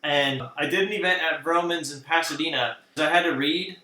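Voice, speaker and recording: Bright-voiced man, slightly high, animated, laughs easily; echoey room. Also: normal speed. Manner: animated, self-deprecating, laughs often. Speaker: author and graphic designer. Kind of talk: casual chat.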